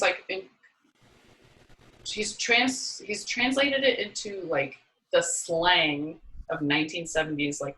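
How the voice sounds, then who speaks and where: A woman's voice: fairly low pitch, sharp tone, low-quality recording. A young woman, a poet and musician, chatting thoughtfully as an interview guest, rambling a little and laughing between restarts. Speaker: poet and horn player, guest. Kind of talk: casual interview conversation.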